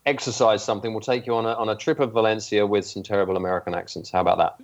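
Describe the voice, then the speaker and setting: A man's voice: on the low side, fairly even intonation, racing, muffled recording. A man with an English accent chatting casually on a podcast, self-deprecating and dryly funny. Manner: self-deprecating, dry humor. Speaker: podcast guest co-host. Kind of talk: casual chat.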